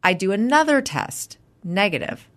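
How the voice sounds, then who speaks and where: A woman co-hosting a casual chat, telling a story in an animated way and acting out the voices of the people in it. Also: mid-range voice, normal speed. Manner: animated, acts out quoted voices. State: mildly congested. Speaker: podcast co-host.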